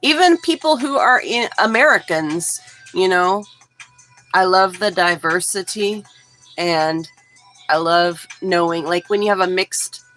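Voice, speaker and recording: A woman's voice: on the low side, a little slow, soft background music, poor audio. A woman in her forties from Texas, chatting casually with viewers on her livestream. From Houston, Texas. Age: 40s. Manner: relaxed, chatty, talks straight to chat. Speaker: livestream host.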